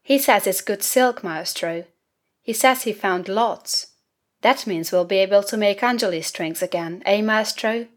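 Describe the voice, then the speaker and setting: A woman's voice: medium pitch, unhurried, natural voice. A woman voicing an eager young village boy in a storybook reading, who chatters in a stream of anxious questions. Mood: chattering.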